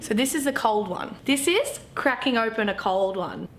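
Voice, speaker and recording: A woman's voice: fairly high pitch, lively intonation, normal speed. Brash Australian woman, echoey room. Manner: brash, crude, swearing, slangy. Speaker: vlogger explaining slang. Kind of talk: casual comedic vlog. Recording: echoey room with faint noise.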